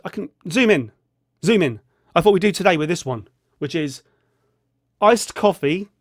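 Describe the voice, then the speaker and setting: A man rambling jokily through a casual vlog while feeling ill, often dropping into a low mutter. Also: dry recording, clean studio sound. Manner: rambling, jokey, drops into a low mutter on a catchphrase. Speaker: vlogger.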